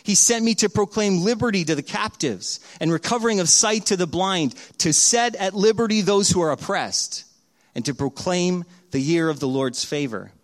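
Animated male pastor preaching a story. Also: high-pitched. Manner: animated storyteller, acting out voices and swinging from loud to hushed. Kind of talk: sermon.

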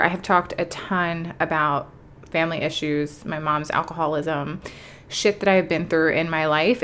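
Young woman, podcast host, chatty, emotional, heartfelt, lowish voice. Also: a bit bright. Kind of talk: casual solo podcast talk.

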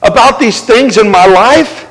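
A man voicing a frantic, busy hostess, pitched high and pleading. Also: animated, unhurried, big-room sound, low-quality recording.

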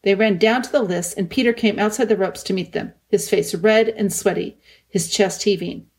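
A woman narrating a children's novel in a calm, measured audiobook reading. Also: medium pitch. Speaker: audiobook reader.

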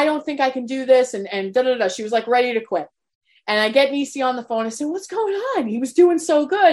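A woman coaching parents in a live webinar, talking in an earnest, motivational way and swearing openly. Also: a little high. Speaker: potty training coach.

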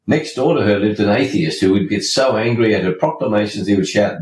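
A man's voice: medium pitch, normal speed, few pauses, a little mellow, a little hiss or hum. A man hosting a podcast, delivering a scripted monologue in an emphatic, preachy way and slipping in jokes. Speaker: podcast host. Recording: roomy, distant from mic, faint ambience.

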